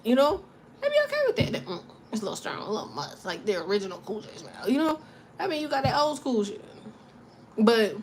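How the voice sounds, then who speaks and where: A woman's voice: medium pitch, a little hiss or hum. A young woman giving a tarot reading in a casual chat, joking, swearing and rambling as she talks. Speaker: tarot reader.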